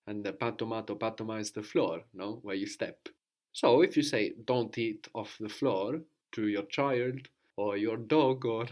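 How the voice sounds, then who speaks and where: Man, language teacher, low voice, patient, asks questions, guided lesson. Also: darkish tone. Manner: patient, prompting questions, often ends with "no?".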